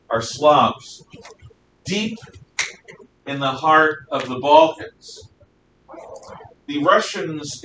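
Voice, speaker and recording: In an echoey room with a distant mic and a faint rumble, a man lectures a history class. His delivery rambles, packed with fillers and frequent self-corrections.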